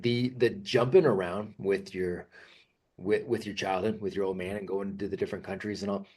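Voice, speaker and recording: A man's voice: on the low side, darkish tone. A man hosting a podcast, giving casual encouragement and stacking several questions in a row. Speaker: podcast host. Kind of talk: casual interview.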